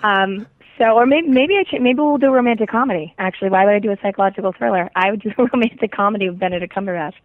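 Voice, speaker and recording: Hoarse woman calling in as a guest, giggly, dry tinny phone sound. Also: medium pitch, rapid-fire, no echo. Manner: giggly, laughs often. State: hoarse from a cold. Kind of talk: casual chat. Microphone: phone call.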